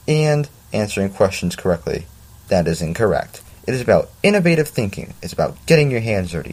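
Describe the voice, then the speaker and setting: A man voicing a small, energetic male science teacher in a put-on Southern drawl, theatrical and grinning. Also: on the low side, breathy edge, exaggerated voice.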